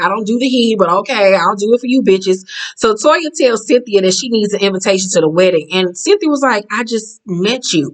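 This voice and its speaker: A woman recapping a reality show in blunt, profane, catty casual talk, jumping up in pitch as she acts out quotes. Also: a bit bright, low-quality recording.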